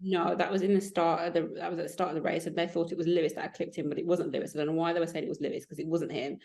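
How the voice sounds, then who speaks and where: A woman co-hosting a podcast in casual chat. She tells stories in an emphatic, animated way. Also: lowish voice, very fast, vocal fry. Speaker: podcast co-host.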